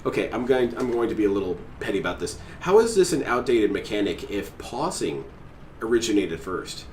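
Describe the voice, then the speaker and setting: A man's voice: lowish voice, big pitch swings, fairly quick, a little mellow. Sarcastic man ranting in an echoey room. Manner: sarcastic, exasperated, mocking. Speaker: streamer reacting to a clip. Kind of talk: ranting reaction commentary. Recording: echoey room, mic at a distance, faint noise.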